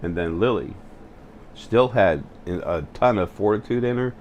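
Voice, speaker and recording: A man hosting his own spiritual video channel, talking to the camera in a halting way, full of fillers and restarts. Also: lowish voice, darkish tone, lo-fi sound, a little hiss or hum. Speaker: channel host. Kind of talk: spiritual vlog monologue. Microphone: facing the camera.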